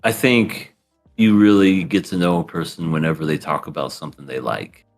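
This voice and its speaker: A man co-hosting a podcast, chatting about anime in an animated, joking way. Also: low-pitched, normal speed, faint music behind. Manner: animated and joking, swooping into silly voices. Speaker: podcast co-host. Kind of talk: casual chat reviewing anime.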